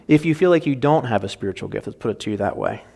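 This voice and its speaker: A man's voice: mid-range voice, expressive, fast, gravelly, a little mellow, husky. A man preaching a sermon, reading a story aloud and then explaining it in an earnest, rambling way. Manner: earnest, rambling, restarts mid-thought.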